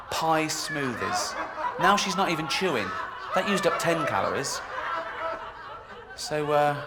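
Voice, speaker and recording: A man doing a stand-up routine, mocking and sardonic, jumping into squeaky voices for the people in his jokes. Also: heavy background noise. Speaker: stand-up comedian. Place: comedy club stage in a video game. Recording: game audio, club reverb with crowd laughter.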